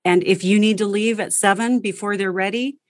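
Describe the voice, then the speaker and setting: A woman's voice: mid-range voice, fairly quick, no room sound, studio quality. Direct, practical woman coaching a parent. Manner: direct, practical, lively delivery. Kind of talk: coaching conversation.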